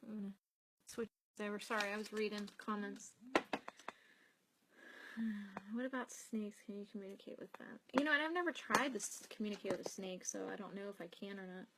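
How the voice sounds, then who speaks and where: A chatty young woman talks casually on a home live stream, picking up viewer comments as she goes. Her pitch sits in an ordinary middle range, and she rambles freely and laughs easily between thoughts. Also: normal speed, pauses often, heavy background noise. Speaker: psychic host answering live comments. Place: home, with cats nearby.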